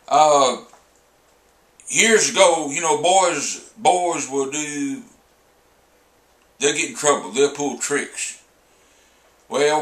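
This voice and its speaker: A man in his seventies with a Southern American accent, telling a homespun humorous story in a slow, drawling way with many pauses. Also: medium pitch, a bit bright, echoey room. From Southern United States. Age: 70s.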